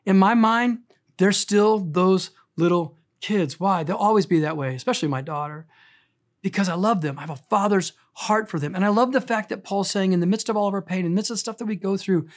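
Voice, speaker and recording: Earnest middle-aged pastor preaching. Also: male voice, high-pitched, fairly quick. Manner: earnest, emphatic storytelling that swings between raised intensity and quiet tenderness. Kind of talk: sermon.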